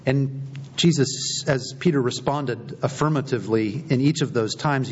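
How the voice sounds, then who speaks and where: A man's voice: moderate pace, a little mellow, husky. A man preaching a sermon, retelling scripture stories and acting out the dialogue. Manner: storytelling, acting out quoted dialogue. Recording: slightly dull recording with faint low rumble.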